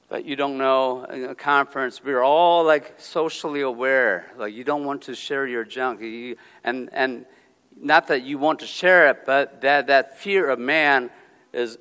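A pastor preaches a sermon animatedly in a medium-pitched voice, acting out quotes and alternating between quiet asides and loud, emphatic lines. The recording has a long reverb tail.

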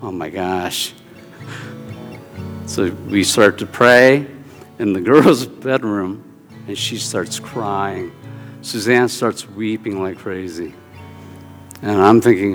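A man preaching a sermon, telling a personal story with swings of pitch and volume. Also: slow, long pauses. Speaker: pastor. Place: church sanctuary. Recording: hall reverb with soft guitar music.

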